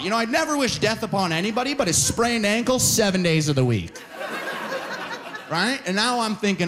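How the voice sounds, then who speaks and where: A Canadian stand-up comic spins a story with lively, swooping intonation, his voice sitting a touch high for a man. He tags nearly every beat with "right?" or "you know?" to pull the room in. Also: slight background noise. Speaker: stand-up comedian. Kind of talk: stand-up comedy set.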